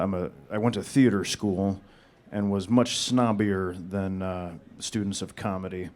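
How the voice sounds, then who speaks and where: A man with a flat, monotone, deadpan delivery, answering audience questions on a panel. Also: low-pitched.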